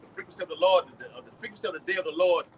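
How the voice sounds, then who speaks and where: A man with a Southern US accent reading scripture aloud and preaching outdoors, slow and loud. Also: high voice, steady tone, slight background noise, rough recording. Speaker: street preacher.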